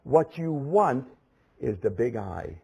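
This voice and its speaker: A man's voice: mid-range voice, sing-song, slow, vocal fry, darkish tone, husky, poor audio. A man preaching a sermon with impassioned, emphatic repetition.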